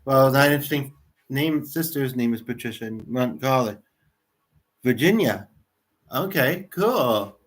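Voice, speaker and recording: A man's voice: mid-range voice, animated, measured pace, long pauses. A man in his thirties from Canada, hosting a casual livestream and chatting in a rambling way with viewers in the chat. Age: 30s. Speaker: livestream host.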